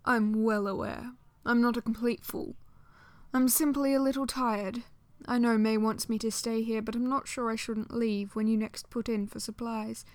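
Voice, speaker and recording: A woman voicing a refined, wry gentleman in a storybook reading, with elegant, precise phrasing. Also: on the high side, flat delivery, normal speed, no echo, close to an everyday voice. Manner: elegant, precise, slightly sardonic.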